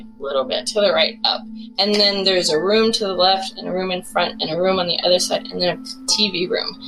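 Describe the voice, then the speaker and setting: Woman, casual storyteller, rambling with filler words, animated, middle pitch, faint music underneath. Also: poor audio. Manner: rambling, heavy use of "like" fillers; animated retelling with bursts of rising pitch. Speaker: caller sharing a true ghost story. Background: faint music bed.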